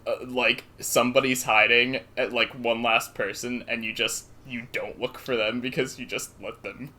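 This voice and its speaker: A man's voice: medium pitch, steady tone, normal speed, pushed and bright. A young man trades jokes on a casual comedy podcast. He talks playfully and sometimes slips into a mock-announcer voice. He often stumbles and restarts his sentences. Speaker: podcast co-host.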